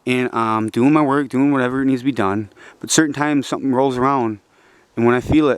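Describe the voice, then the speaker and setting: A man's voice: brisk, clean tone, no echo. Agitated, profane young man ranting. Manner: agitated, profane, swings between preachy and low frustrated mutters. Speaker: vlogger. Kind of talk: casual rambling monologue.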